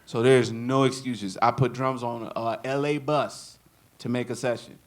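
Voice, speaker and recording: A man's voice: medium pitch, steady tone, a little slow. A man giving a live drum clinic to an audience. He jokes, laughs often and acts out quotes. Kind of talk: live workshop talk and Q&A.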